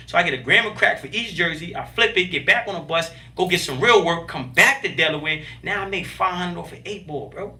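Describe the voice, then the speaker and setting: A man with a high, bright voice tells stories as a podcast guest, animated and emphatic, full of street slang. He sits a little back from the microphone. His voice often jumps up in excited bursts. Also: a little fast, far from the mic. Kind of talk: casual interview storytelling.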